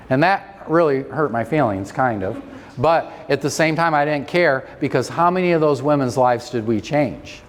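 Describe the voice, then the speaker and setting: A middle-aged man, a chiropractor, telling a story at a convention seminar in a joking, self-deprecating, animated way. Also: a little high, normal speed. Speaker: chiropractor giving a seminar talk. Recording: long reverb of a large hall.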